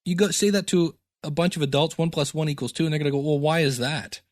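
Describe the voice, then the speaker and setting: Man, middle-aged, podcast teacher, chatty, self-deprecating, slightly high voice, dry close sound. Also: very fast, a little mellow, no room sound. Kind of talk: casual solo podcast talk.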